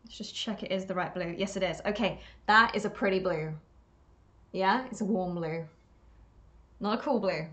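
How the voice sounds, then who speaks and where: A woman talking her way through a painting on a live stream. She rambles and talks to herself as she works, pokes fun at herself and laughs often. Her pitch sits in the ordinary middle range. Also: normal speed, fairly bright tone. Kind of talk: chatty live-stream commentary while painting.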